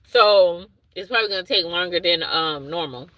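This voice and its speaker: Bright-voiced rambling woman livestreaming. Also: on the low side, normal speed, dry recording, poor audio. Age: adult with a young son. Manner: rambling, loses her thread and restarts; reads and answers chat comments aloud. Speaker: livestream host. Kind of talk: casual livestream chat with viewers.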